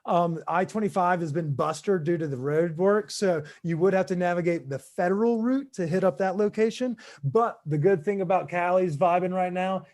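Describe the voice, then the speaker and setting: Male podcast co-host, high-pitched, loose and enthusiastic. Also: normal speed, few pauses, a little mellow. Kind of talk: casual podcast chat.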